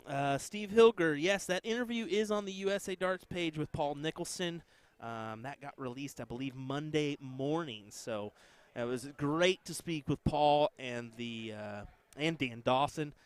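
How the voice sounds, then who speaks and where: A man's voice: on the high side, unhurried, hardly any pauses, clean tone, no echo. A man with an American accent hosting casual live-stream darts commentary, chatting with viewers between matches. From United States.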